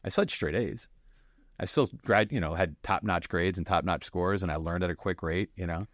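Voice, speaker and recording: A man's voice: low-pitched, moderate pace, no room sound, studio quality. A man in his forties from Miami, a podcast guest telling candid stories and acting out the people in them. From Miami, United States. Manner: animated storyteller who acts out quoted people and laughs often. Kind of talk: candid storytelling interview.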